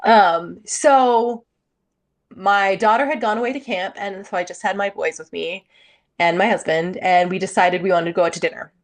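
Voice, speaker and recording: A middle-aged woman from Canada co-hosting a podcast in casual chat, amused and quick with comments. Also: mid-range voice. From Ontario, Canada. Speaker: podcast co-host.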